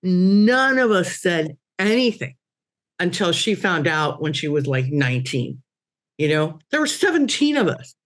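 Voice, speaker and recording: A middle-aged woman on a podcast panel, telling a personal story in a casual, animated way. Her voice jumps high when she quotes exclamations. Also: measured pace. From Cuban-American family.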